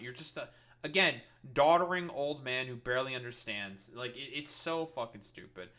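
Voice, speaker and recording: A man's voice: mid-range voice, normal speed, bright, forceful tone. A man doing reaction commentary, ranting in an exasperated, profane way. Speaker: political commentator streamer.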